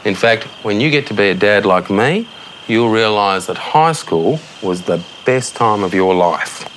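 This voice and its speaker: A man's voice: on the low side, expressive, measured pace, a bit bright, a little hiss or hum. An actor with an Australian accent playing a tactless middle-aged suburban dad who tucks his son into bed, chatting in a breezy, chummy way and calling him mate. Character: blithely tactless suburban dad, cheerful and careless. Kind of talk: TV sketch comedy acting. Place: child's bedroom at night, a TV set.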